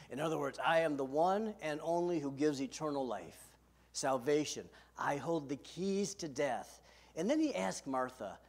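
A man's voice: fairly high pitch, big pitch swings, normal speed, slightly rough. A man preaching a sermon as pastor from a podium, earnest and emphatic, asking his listeners direct questions. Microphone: podium microphone.

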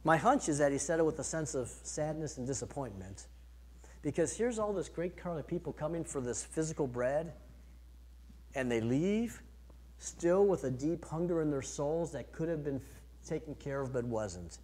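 A man preaching a sermon, earnest, rising to emphatic peaks and then dropping soft. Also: fairly high pitch, animated, normal speed. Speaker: pastor.

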